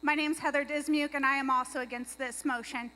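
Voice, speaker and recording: A woman speaking against a motion at a public meeting, measured and firm, slowing to stress her points. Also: high voice, steady tone, sharp tone, a little hiss or hum, rough recording. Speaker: tribal member speaking at a meeting.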